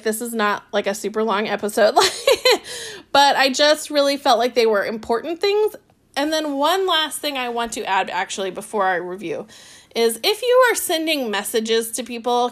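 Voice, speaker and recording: A young woman hosting a solo podcast, giving casual business advice in a chatty, upbeat way with lots of fillers. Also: fairly high pitch. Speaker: podcast host.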